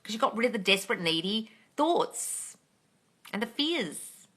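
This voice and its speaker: A woman's voice: on the high side, sing-song, measured pace, a bit bright. A young woman coaching on a phone live stream, blunt and swearing freely as she answers comments. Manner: blunt, swears freely, ranting then laughing. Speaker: manifesting coach.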